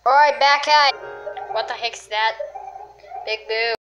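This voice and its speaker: A woman commenting on a game she is playing, excitable and full of yelps and exclamations. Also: on the high side, measured pace, muffled recording, soft background music. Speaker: gamer. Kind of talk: let's play commentary.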